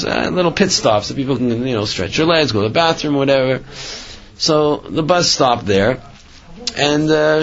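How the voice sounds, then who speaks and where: A man's voice: medium pitch, lo-fi sound. A man giving a religious storytelling talk, rambling with many restarts and filler phrases. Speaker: religious speaker.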